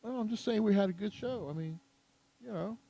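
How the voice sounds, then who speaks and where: A man's voice: high voice, a little fast, gravelly, dark tone, no room sound, low-quality recording. A man hosting a podcast in casual chat, laid-back and teasing. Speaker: podcast host.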